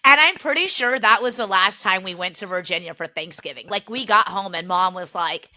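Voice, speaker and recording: A young woman co-hosting a podcast, telling family stories in a casual, animated way, laughing often and acting out what relatives said. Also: medium pitch, brisk. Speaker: podcast co-host. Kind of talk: casual chat, storytelling.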